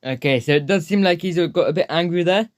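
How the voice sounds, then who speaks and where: Guy narrating a reaction vid, unsure, hedges everything, slightly high voice, dead dry sound. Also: quick pace, no room sound. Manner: hesitant, hedging, repeats "obviously". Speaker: reaction video host. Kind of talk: reaction commentary.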